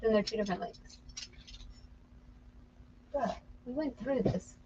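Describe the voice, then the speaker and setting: A woman's voice: fairly high pitch, unhurried, mellow, slightly rough, lo-fi sound. A woman co-hosting a reseller channel, chatting and joking casually while working.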